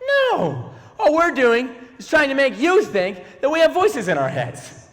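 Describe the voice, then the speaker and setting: A man with a notably high voice performs stand-up comedy, playful and animated, often turning to talk straight to the crowd. His voice carries the long reverb of a large church hall. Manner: animated, playful, talks to the audience. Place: church auditorium before a live audience.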